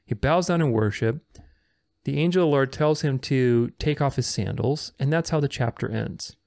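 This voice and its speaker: A man's voice: medium pitch, moderate pace, gravelly, a little mellow, no echo, clean studio sound. A man teaching from the Bible, reading verses aloud and stressing his points with repeated words. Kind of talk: scripture teaching.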